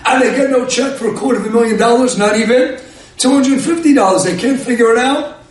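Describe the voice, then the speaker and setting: A man, a rabbi, preaching a story-filled sermon, animated and often shouting with excitement. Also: very high-pitched, fast talker. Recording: echoey hall from far off.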